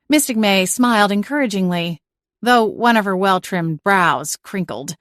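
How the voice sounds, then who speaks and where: A woman reading a first-person audiobook narration in an even, measured storytelling way. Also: medium pitch, no echo, studio quality.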